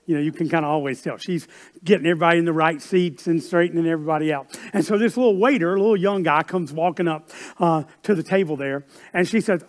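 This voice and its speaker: A man preaching, his voice sitting a little higher than most men's. He talks in a relaxed, conversational way and then drives his points home with emphatic, louder lines. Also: quick pace. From South Carolina. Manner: conversational, building to emphatic peaks. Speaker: pastor. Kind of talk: sermon with storytelling.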